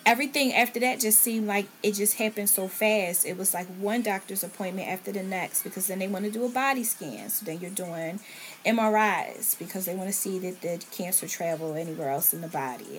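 A woman speaks on a remote call from a room at home, with faint ambient noise behind her. She tells her story earnestly, switching into the voices of the people she quotes. Her pitch sits in an ordinary middle range. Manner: earnest, relives scenes by quoting others' words. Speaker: podcast guest. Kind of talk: personal storytelling in conversation. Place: at home, in a bedroom with a TV on.

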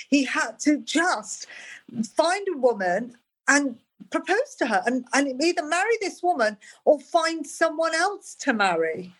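A woman guest comedian making measured remarks in a casual chat. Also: sits high.

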